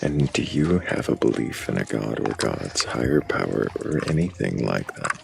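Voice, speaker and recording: A male livestream host with an exceptionally deep, heavily gravelly voice. His intonation moves a lot as he asks direct, probing questions. The tone is casual. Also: expressive, moderate pace, slight background noise. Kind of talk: casual livestream talk and interviewing.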